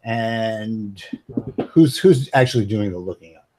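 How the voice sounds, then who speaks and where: Slow, halting man running a game. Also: fairly low pitch, warm tone, a little hiss or hum. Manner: halting, stammering narration with fillers. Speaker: game master. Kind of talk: narrating a tabletop game.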